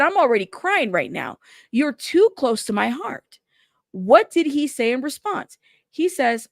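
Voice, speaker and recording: Woman commentator, higher pitch, dry close sound, reads court records and reacts openly. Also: no room sound. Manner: animated reactions to the text she reads. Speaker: trial news commentator. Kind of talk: reading court transcripts aloud with commentary.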